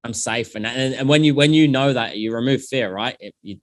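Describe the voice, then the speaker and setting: A man, a company founder, telling animated stories and acting out past conversations in a casual interview. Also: mid-range voice, fairly quick, dry recording, studio quality.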